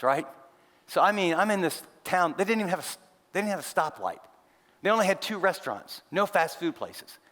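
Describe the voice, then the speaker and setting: Older pastor preaching in a reverberant hall. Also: male voice, fairly high pitch, a bit bright. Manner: earnest, confiding, with self-deprecating asides. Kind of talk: conversational sermon storytelling. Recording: long reverb of a large hall.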